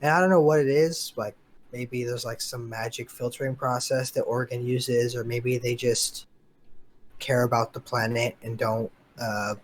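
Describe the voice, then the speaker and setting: A man's voice: mid-range voice, a little hiss or hum. A young man co-hosting a podcast over a voice call, rambling through frank opinions in a laid-back, casual way. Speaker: podcast co-host. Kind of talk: casual chat. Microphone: remote voice call.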